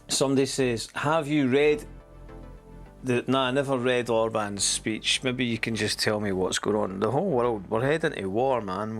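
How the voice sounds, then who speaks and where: A lower-voiced Scottish man talks loosely through a livestream, swearing often and drifting from point to point. He breaks off into the odd chuckle, and faint music sits under his voice. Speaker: streamer host. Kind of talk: casual livestream commentary.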